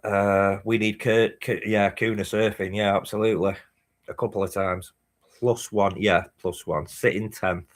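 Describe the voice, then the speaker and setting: A man talks loosely through a live football stream, reading out viewer messages between reactions. His voice sits on the low side, and the delivery is casual and unpolished, with the odd swear. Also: level tone, normal speed. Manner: casual, swears, reads chat messages aloud. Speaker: fan channel host. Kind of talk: live match watchalong chat.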